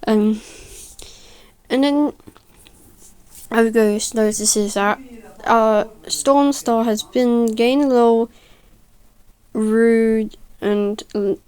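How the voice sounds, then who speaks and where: A woman casually narrating a speedpaint video, halting and stuttering, correcting herself as she goes, and sounding tired. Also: on the high side, steady tone, darkish tone, clear, resonant tone. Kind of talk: casual voice-over storytelling.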